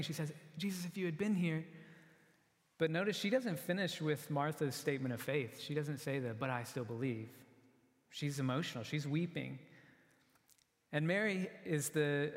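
Man preaching in a reverberant hall. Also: fairly high pitch. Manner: earnest, conversational preaching with frequent restarts. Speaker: pastor. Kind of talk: sermon. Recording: long reverb of a large hall.

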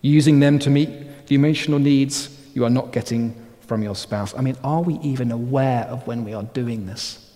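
Male pastor, earnest sermon, medium pitch, reverberant church hall. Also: normal speed. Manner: earnest exhortation, trailing to quiet emphatic phrases.

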